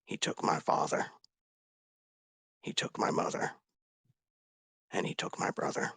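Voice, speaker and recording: A man voicing a grief-stricken dragonborn warrior, confessing in a raw, halting way with whispered breaks. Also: fairly bright tone, dry recording, lightly acted. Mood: grieving. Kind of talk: tabletop role-play character speech.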